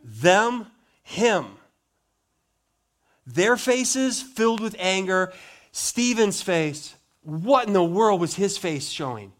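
Preaching with drama, a male pastor draws out his emphatic points slowly and lowers his voice for quiet asides. His voice sits high and has a sing-song quality.

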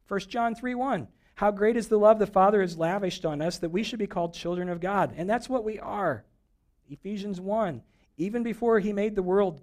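This pastor's voice is high and a little mellow. He preaches in a relaxed, joking manner, slipping into small impersonated voices to make his points.

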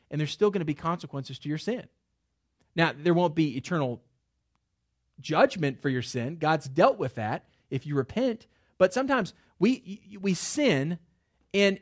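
High-voiced man preaching a sermon. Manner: conversational preaching, quick asides and restarts. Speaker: pastor.

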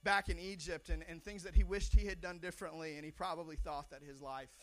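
A male pastor preaching a sermon with animated, excitable storytelling. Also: a little high, fast talker.

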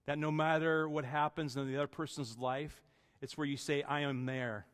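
Earnest pastor preaching in a reverberant hall. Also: male voice, a little high, steady tone, moderate pace, a bit bright, clear, resonant tone. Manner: earnest, conversational preaching with restarts. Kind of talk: sermon.

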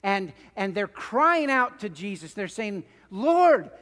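A middle-aged man preaching a sermon, moving between loud pleading and quiet, hushed asides. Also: sits high, big pitch swings, a little slow, in a large hall. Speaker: pastor.

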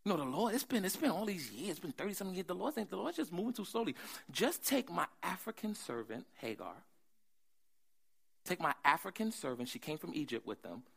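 A man voicing Sarah as a weary wife who coaxes her husband in a low, hushed tone. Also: sing-song, brisk, vocal fry, slightly rough, heavily acted. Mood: coaxing.

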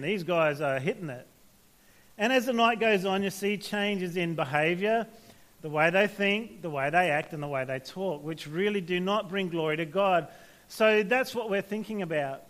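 Male preacher, higher pitch, relaxed storytelling delivery for a youth talk. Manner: conversational, anecdotal, frequent restarts and tag questions. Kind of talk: sermon to young people.

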